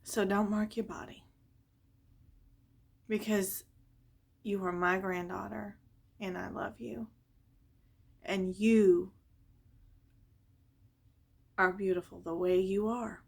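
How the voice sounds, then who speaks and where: A woman voicing a loving elderly grandmother, speaking softly and reassuringly in a retold family story. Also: mid-range voice, steady tone, takes it slowly, gravelly, pauses often. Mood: tender. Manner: soft, tender, reassuring.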